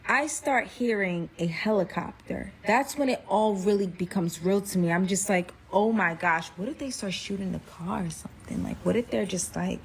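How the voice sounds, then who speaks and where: A woman telling a personal story in a casual, animated way, acting out quotes and saying "like" a lot. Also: medium pitch, normal speed, creaky, few pauses, slight background noise. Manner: animated, acts out quotes, frequent "like". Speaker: storyteller guest.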